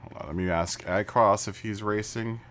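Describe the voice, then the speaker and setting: A man's voice: on the low side, fairly even intonation, normal speed, fairly bright tone, slight background noise. Laid-back man streaming a racing game. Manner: chatty, laughs often, stammers and restarts. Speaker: live streamer. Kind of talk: casual chat while gaming. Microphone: studio mic through mixer.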